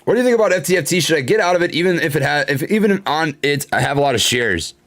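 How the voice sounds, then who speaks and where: Speaking very fast in a fairly high, animated and slightly bright voice, this young man runs a live stock-trading stream. Frustrated, he reads the chat out loud, remarks casually on the charts, and swears before laughing it off.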